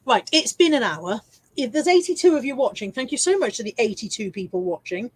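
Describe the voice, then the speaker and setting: Woman, English accent, casual live stream chat, self-deprecating, slightly high voice. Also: sing-song, moderate pace, husky. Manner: chatty, self-mocking, reads viewer comments aloud. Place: at home.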